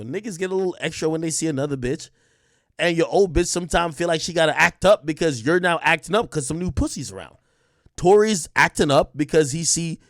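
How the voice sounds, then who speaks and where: Male commentator, somewhat high voice, blunt and profane, dry close mic. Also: no room sound. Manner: animated, blunt, profane, talks straight to viewers. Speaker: commentator reacting to an interview clip. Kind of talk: casual reaction commentary.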